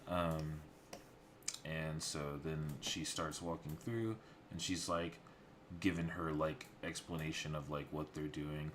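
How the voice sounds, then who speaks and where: Deep-voiced man rambling through story beats. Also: steady tone, takes it slowly, a bit bright, a little hiss or hum. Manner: rambling, many fillers and placeholders. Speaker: storyboard artist. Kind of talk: casual livestream talk-through.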